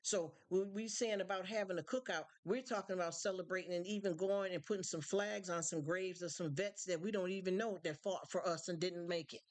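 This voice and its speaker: A woman's voice: fairly low pitch, a little fast, few pauses. Streamer, woman; loose rambling chat, repeats words when worked up. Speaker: live stream host. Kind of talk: casual chat.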